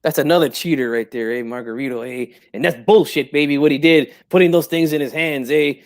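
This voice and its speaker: Brash old boxing dad, streetwise slang, prickly pride, slightly high voice, as a man puts him on. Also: brisk, lightly acted. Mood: boastful. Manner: streetwise slang, tags every line with "eh" and "Holmes". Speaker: guest in character.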